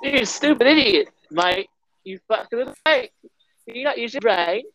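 A man's voice: extremely high pitch, animated, normal speed, a bit bright, dry recording, pitched above the performer's own voice, low-quality recording. Man putting on a sneering fake British bully. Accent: put-on British. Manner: sneering, taunting. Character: snooty insulting British man, mocking neighbor. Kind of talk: improvised comedy skit.

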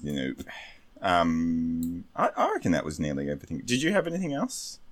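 A man's voice: low-pitched, huge pitch swings, brisk. A man co-hosting a casual gaming podcast, swearing freely and laughing at crude jokes. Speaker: podcast co-host.

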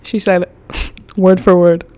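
A young woman in her twenties hosting a podcast, telling a story in a loose, chatty way full of fillers and casual swearing. Her voice sits somewhat low for a woman. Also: flat delivery, slow, a little mellow, smooth. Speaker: podcast host.

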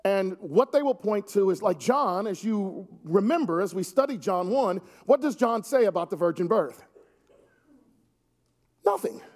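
Guy preaching in church, pretty high voice, earnest w/ little joking asides. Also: expressive, moderate pace, hardly any pauses, a little mellow. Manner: earnest, wry asides to the congregation. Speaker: pastor. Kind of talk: sermon.

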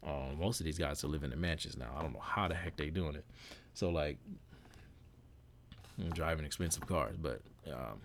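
A man's voice: rumbling low, moderate pace, long pauses, a little hiss or hum. A man hosting his own podcast, giving a casual, rambling motivational monologue with lots of restarts. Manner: casual, repetitive, self-correcting, preachy. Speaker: podcast host.

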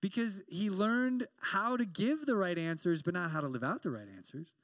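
A young man preaching a sermon as a campus pastor, animated and joking, acting out quoted exchanges as he talks. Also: high voice, normal speed, dry recording.

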